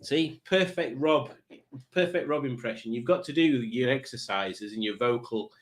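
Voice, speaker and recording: Middle-aged british bloke rambling through a live chat, jokey and self-mocking, keeps going off on tangents. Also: male voice, medium pitch, moderate pace. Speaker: livestream host.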